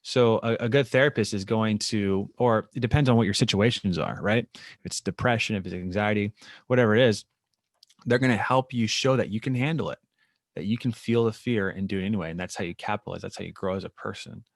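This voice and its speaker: A man who works as a therapist, speaking as a podcast guest and explaining his work in an animated way, sometimes acting out what clients and therapists say. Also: fairly low pitch, a little fast, no room sound, clean studio sound. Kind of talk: casual interview chat.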